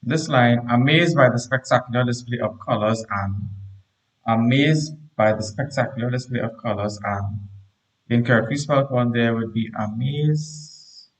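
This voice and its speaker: A man teaches a live online grammar lesson to primary pupils. He reads each sentence aloud, repeats it slowly and explains the corrections while talking to the chat. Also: medium pitch, rough recording.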